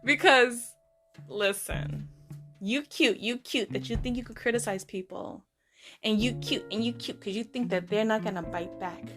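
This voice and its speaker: A woman hosting a podcast, telling a story in a sassy, animated way with playful slang. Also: a little high, moderate pace, over music. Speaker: podcast host. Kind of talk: casual storytelling monologue.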